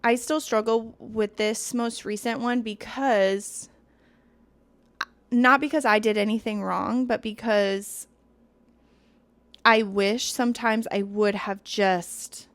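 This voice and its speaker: A woman's voice: a little high, fairly even intonation, slow, dry recording. A woman in her thirties hosting a solo podcast, talking candidly and confidingly, now and then stretching words for emphasis. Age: 30s. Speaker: podcast host.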